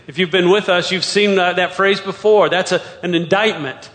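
A man with a high voice preaches a sermon, moving through scripture verse by verse. He asks pointed rhetorical questions as he goes. His voice rings out with a long reverb tail, as if from a large hall. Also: moderate pace, few pauses, a bit bright. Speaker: pastor.

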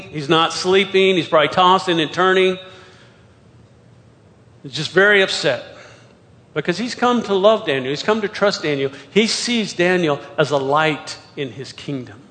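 High-voiced preaching man in a reverberant hall. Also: measured pace, fairly bright tone. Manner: expository preaching with rhetorical questions. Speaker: pastor. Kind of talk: sermon.

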